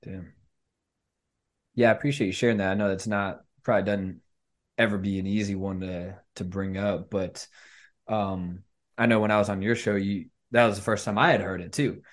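Low-voiced male host, casual, fumbles gently into his questions. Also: little pitch movement, moderate pace. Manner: easygoing, searching for words as he asks. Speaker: podcast host. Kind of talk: casual interview chat.

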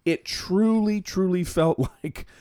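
Speaking slowly in a high-pitched, clean tone, the Florida podcast co-host recounts a story and plays both parties in the conversation. The studio recording is clean with no room sound, and the chat is casual and animated.

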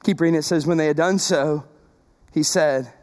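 A woman pastor preaching a sermon, full of rhetorical questions, shifting between loud emphasis and soft, tender passages. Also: sits low, moderate pace. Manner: animated, asks the congregation many rhetorical questions.

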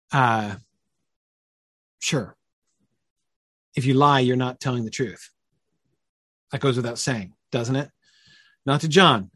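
A man's voice: mid-range voice, husky, no echo, clean studio sound. A man leading a conversational Bible study, thinking aloud with many fillers and checking questions.

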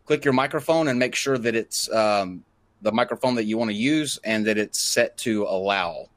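A man's voice: fairly low pitch, normal speed. Man hosting a live show. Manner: step-by-step instructing, joking. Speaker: host.

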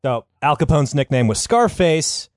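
A man's voice: on the high side, very animated, normal speed, a little mellow, no echo, studio quality. Crude joking podcast host, man. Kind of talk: comedic podcast storytelling.

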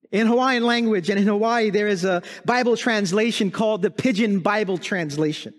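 A male pastor with a strikingly high voice delivers his sermon at an unhurried, measured pace. He leans on repeated rhetorical questions and emphatic phrasing. The sound carries a long, reverberant hall tail. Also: expressive.

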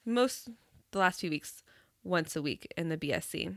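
A young adult woman co-hosting a podcast in casual chat, laughing easily and giving quick short replies. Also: lowish voice, lively intonation, fairly bright tone, dry recording, studio quality. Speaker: podcast co-host.

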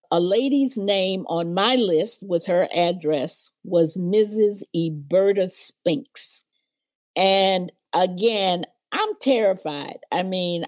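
A woman's voice: lowish voice, a little mellow, dry recording. An older woman, a guest on an interview, vividly recounting her past and acting out the people she quotes. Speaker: guest, former civil rights organizer. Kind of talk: storytelling interview.

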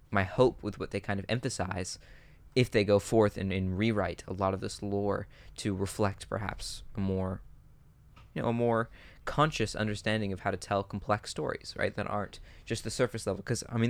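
A man's voice: lowish voice, fairly even intonation, moderate pace, no echo. A man chatting casually about building fantasy worlds for tabletop games, musing with lots of fillers and restarts. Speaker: podcast co-host.

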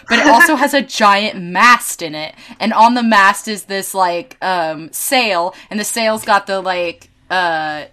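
A young adult woman hosting a podcast, telling convention stories in casual chat, animated, swearing freely and laughing often. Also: mid-range voice. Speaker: podcast host and convention artist.

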